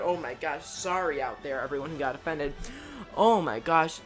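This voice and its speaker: A woman YouTuber reacts to a game trailer, gushing and excitable, with loud exclamations and jokey asides. Her voice is deep and her pace normal, with music playing in the background.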